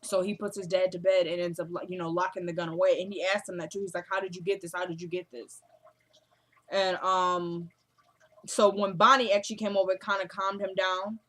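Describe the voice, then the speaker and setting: A woman's voice: fairly low pitch, flat delivery, a little fast, a bit bright. A young woman, chatting casually as she recaps a TV episode and retells the dialogue. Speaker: recap vlogger.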